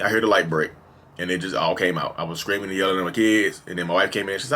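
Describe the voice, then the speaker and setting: Fast-talking man with a deep, forceful voice. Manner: rambling and animated, with many "like" and "you know" fillers; acts out quoted exchanges in raised, heated bursts. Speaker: vlogger and host of the channel. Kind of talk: candid confessional monologue.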